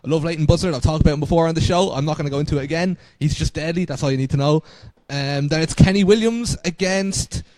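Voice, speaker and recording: A man co-hosting a wrestling podcast, excitable, swearing casually. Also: a little high, quick pace, few pauses, no room sound. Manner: excitable, swears, laughs between remarks. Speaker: podcast co-host.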